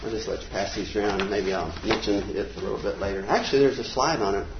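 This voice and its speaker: An older man, teaching a casual Bible class in a small church classroom, folksy and conversational, reading quotes slowly. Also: fairly low pitch, lo-fi sound, background noise.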